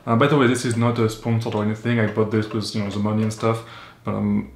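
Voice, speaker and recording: Man, low voice, enthusiastic, filler-heavy, echoey room, faint noise. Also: little pitch movement, quick pace. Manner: enthusiastic, many fillers and repeats. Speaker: astrophotography vlogger. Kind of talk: casual vlog narration.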